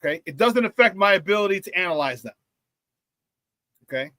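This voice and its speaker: A man hosting a live-streamed sports talk show, reading viewer chat in an excitable, hyped way, laughing often and using slang. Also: high voice, brisk, no room sound.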